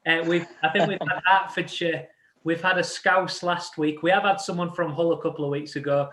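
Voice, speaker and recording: A man's voice: a little high, steady tone, brisk, background noise. Chatty man hosting, echoey room. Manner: chatty, jokey, lots of fillers. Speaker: church live stream host. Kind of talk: casual chat.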